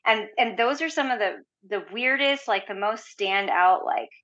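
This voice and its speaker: A woman guest telling a story in casual conversation, chatty and animated, filling her talk with "like". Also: on the high side, normal speed. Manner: chatty, heavy use of "like", animated retelling. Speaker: podcast guest. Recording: dull lo-fi audio.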